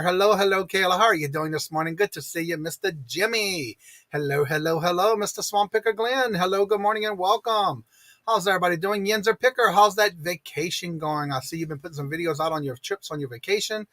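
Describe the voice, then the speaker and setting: A man hosts a casual morning live stream, his voice sitting fairly high for a man. He chats easily and greets each viewer by name. The sound is dry and close, with no room echo. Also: pushed and bright.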